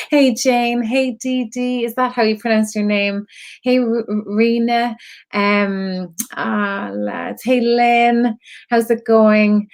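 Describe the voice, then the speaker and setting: A woman's voice: a little high, fairly even intonation, slow pace. An Irish woman hosting a live stream for her creative community, talking in an earnest, rambling way with fillers and laughs, close to tears. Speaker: host of an online creative community. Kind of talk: casual live-stream talk to viewers.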